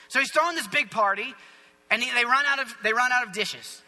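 A male pastor preaching a sermon as lively, conversational storytelling in a church hall. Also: very high voice, fairly quick.

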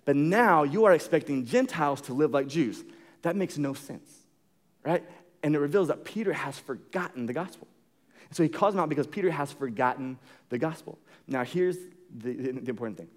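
A young man delivers a sermon in a relaxed, conversational way. His voice sits a little high, and he tells jokey stories with many fillers and quick restarts. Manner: jokey storytelling. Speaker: pastor.

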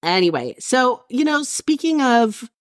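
A woman's voice: on the high side, very animated, unhurried, no echo, studio quality. A woman co-hosting a podcast in casual chat, telling rambling anecdotes and laughing often. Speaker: podcast co-host.

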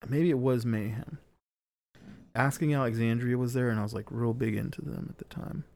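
A man's voice: mid-range voice, steady tone, brisk, creaky, darkish tone. A young man telling a long story in casual podcast chat, rambling with many fillers and frequent swearing.

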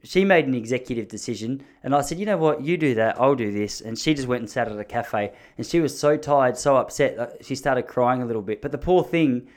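A man's voice: mid-range voice, brisk, hardly any pauses. Man, thirties, casual storytelling monologue, rambling, self-mocking humor.

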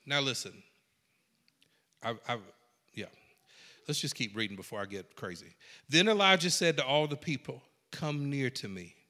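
A man preaching a sermon in a folksy, animated way, swinging from hushed lines to shouts. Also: mid-range voice, moderate pace, long pauses, long reverb tail. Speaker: pastor.

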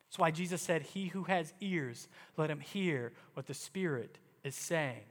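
A man's voice: a little high, expressive, measured pace. A man preaching a sermon as pastor, emphatic and acting out quoted prayers in his delivery. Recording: long hall reverb.

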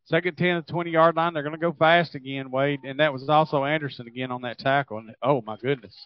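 A man giving color commentary on a high school football game in a folksy, halting way with plenty of fillers. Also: steady tone, no echo, highs cut off.

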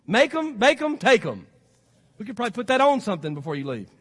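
A man's voice: sits high, big pitch swings, fast talker, a bit bright, breathy edge. A man preaching a sermon as pastor, with a Southern accent and a folksy, exhorting way of talking. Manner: folksy and exhorting, rising to emphatic peaks. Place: church sanctuary. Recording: long hall reverb.

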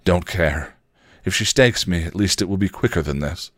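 Dying vampire guy croaking out defiant lines, low voice, dry sound, man doing it. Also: normal speed, fairly bright tone, no echo. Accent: put-on accent. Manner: weak, croaking and strained.

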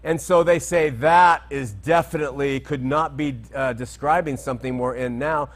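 A man's voice: mid-range voice, steady tone, moderate pace. A man giving an unscripted Bible teaching talk, conversational and digressive, checking that listeners follow.

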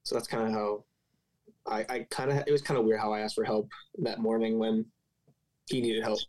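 A man on a panel, sharing a personal story in a halting, hesitant way. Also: fairly low pitch, level tone, a little mellow, no room sound. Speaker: panel guest, grieving sibling. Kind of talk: personal account in a panel conversation.

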